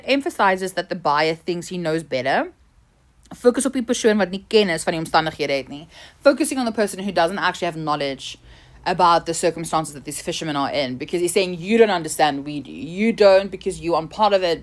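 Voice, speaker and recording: A South African woman teacher talking through exam answers, switching between languages as she translates, her voice often trailing off quietly at line ends. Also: fairly low pitch. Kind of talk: exam revision lesson.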